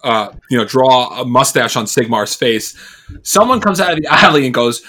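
A man's voice: medium pitch, normal speed, bright, forceful tone. A young man running a tabletop game as game master, rambling and laughing often as he narrates.

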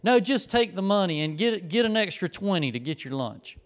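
Southern preacher doing a pushy blind old man telling him to take the money, smooth clear voice. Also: high voice, big pitch swings, moderate pace, pitched above the performer's own voice. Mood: insistent.

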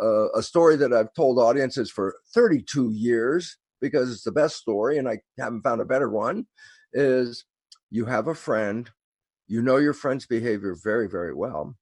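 A man talking as a guest, telling a story in an animated way and acting out the quoted lines. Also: medium pitch, slightly rough, no echo. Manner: animated, acts out quoted dialogue. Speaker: guest speaker. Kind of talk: storytelling conversation.

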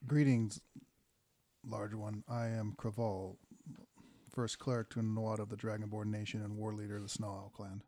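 A man playing a stern dragonborn cleric and war leader in a tabletop game, speaking low and formally. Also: level tone, normal speed, dark tone, no room sound, lightly acted. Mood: solemn.

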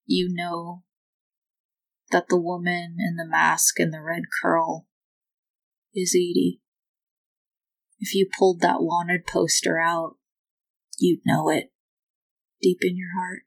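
A woman narrating a tabletop game as game master in a slow, atmospheric way. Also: fairly low pitch, level tone, gravelly, rough recording.

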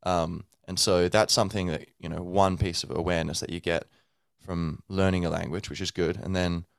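A man's voice: sits low, steady tone, normal speed, gravelly, clear, resonant tone, no room sound. A man hosting a podcast, speaking in a loose, rambling monologue full of fillers and sounding tired from little sleep. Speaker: podcast host.

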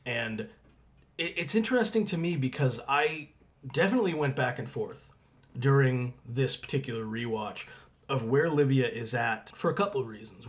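A man co-hosting a podcast, talking through a TV episode in a measured, reflective way. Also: mid-range voice. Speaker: podcast co-host. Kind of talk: analytical casual discussion.

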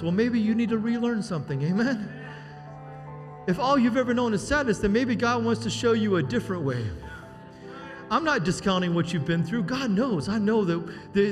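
Male pastor, high and sharp voice, shouts and asks for amens; church hall reverb. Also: fairly quick, soft background music. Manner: shouting, call-and-response "amen?". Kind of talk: preaching a sermon. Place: church sanctuary.

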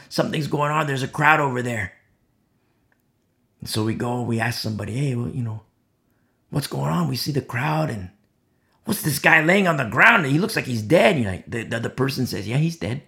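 A man's voice: medium pitch, gravelly, fairly bright tone. A man giving an informal sermon who acts out the voices of imagined onlookers as he tells the story. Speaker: Bible teacher.

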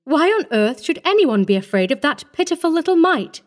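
A woman voicing a kindly, genteel woman visitor in an audiobook reading, speaking softly and sympathetically. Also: high-pitched, very animated, fairly quick, pitched above the performer's own voice. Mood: gentle. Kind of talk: audiobook character voice.

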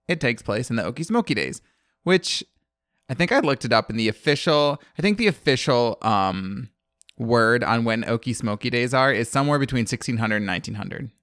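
A man's voice: mid-range voice, animated, fairly quick, fairly bright tone, no echo, studio quality. A man from the American South casually recapping a movie as a podcast co-host, rambling and laughing often. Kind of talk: casual chat.

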